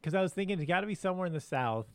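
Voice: medium pitch, lively intonation, rapid-fire, clear, resonant tone, dry recording. Dry-sounding laid-back podcast host. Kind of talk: casual podcast chat. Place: studio.

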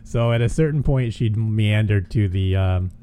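Mellow-voiced man hosting a chatty comedy podcast. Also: fairly low pitch, normal speed, a little hiss or hum. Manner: rambling storyteller, laughs often, lots of fillers. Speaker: podcast host. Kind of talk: casual comedy podcast chat.

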